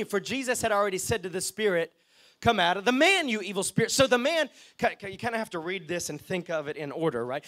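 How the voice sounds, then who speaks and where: A man preaching a lively sermon as pastor, often checking in with the congregation. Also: high voice. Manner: lively, chatty, asks the crowd okay and right.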